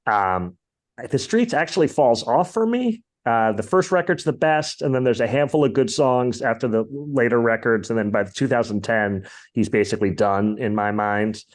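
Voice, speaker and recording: A man's voice: medium pitch, normal speed. Opinionated podcast host, rambling man. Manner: opinionated and rambling, with many fillers. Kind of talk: casual music chat.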